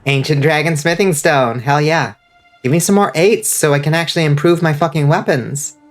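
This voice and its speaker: A man with a congested, stuffy voice giving casual, excitable commentary while playing a game and reading chat. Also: a little high, normal speed, soft background music. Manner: excitable, swears freely, reads out chat. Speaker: streamer.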